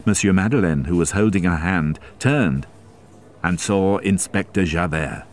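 Deep slow guy reading a story aloud for english learners, measured and careful. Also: faint music behind. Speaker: narrator. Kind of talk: graded reader narration.

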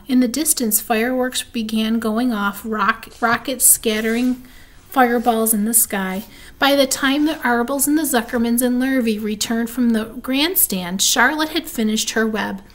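Female storybook reader, slightly high voice, steady delivery. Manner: steady, with small restarts. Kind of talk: reading a children's book aloud.

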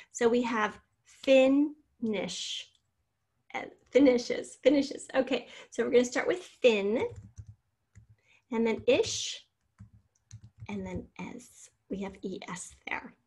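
A woman's voice: on the high side, expressive, measured pace, darkish tone, slightly rough. A woman teacher giving a spelling lesson, patiently sounding out syllables and spelling words letter by letter.

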